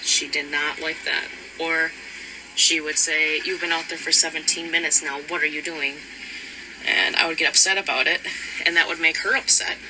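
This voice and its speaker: A man giving a rambling personal account, halting with frequent fillers and restarts, sometimes quoting heated exchanges. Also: a little high, level tone. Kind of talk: personal account of a past relationship. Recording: noticeable background noise.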